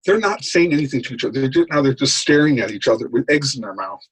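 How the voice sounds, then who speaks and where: A man telling lively anecdotes as a guest in an interview, acting out the people in his stories. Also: mid-range voice, quick pace, background noise. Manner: animated anecdote telling, acts out quoted voices. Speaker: guest, author. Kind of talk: storytelling in a podcast interview.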